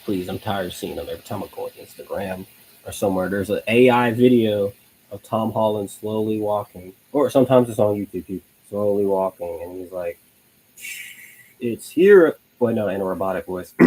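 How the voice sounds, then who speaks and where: Husky-voiced young man chatting casually. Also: fairly low pitch, steady tone, fairly quick, darkish tone, low-quality recording. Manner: rambling, laughs often, frequent restarts. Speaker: host of a live online show. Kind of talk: casual live-stream chat.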